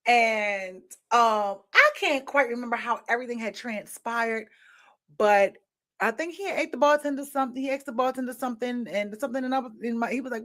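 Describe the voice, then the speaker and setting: A woman hosting a candid talk show, telling stories in an animated way and often asking listeners "right?". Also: on the high side, fairly quick. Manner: animated storytelling, frequent rhetorical "right?" and laughter. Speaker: podcast host. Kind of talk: candid opinion talk addressing viewers.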